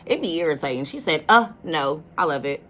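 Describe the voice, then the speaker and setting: A woman with a lowish voice chats her way through a reaction video, casual and emphatic and quick to address her listeners directly. A faint hiss sits under the recording. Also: very animated, a bit bright. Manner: chatty, emphatic, calls listeners "baby".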